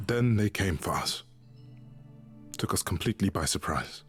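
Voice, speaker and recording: An actor playing a weary, grieving male god who cares for his suffering mother, speaking in a halting, confiding way. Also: deep voice, expressive. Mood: sorrowful. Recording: game audio with faint music.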